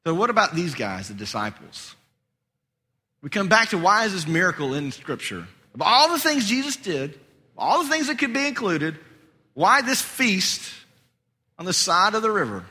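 A man preaching to his congregation, his voice swinging widely and climbing high and loud whenever he drives a point home. His tone is very bright and a bit husky. A long hall reverb trails after his words in the church. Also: normal speed. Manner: animated preaching, rising high and loud for emphasis. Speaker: pastor. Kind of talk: sermon.

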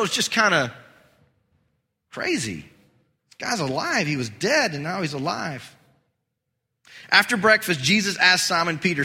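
A man preaching to his congregation, his voice swinging widely and climbing high and loud whenever he drives a point home. His tone is very bright and a bit husky. A long hall reverb trails after his words in the church. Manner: animated preaching, rising high and loud for emphasis. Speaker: pastor. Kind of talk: sermon.

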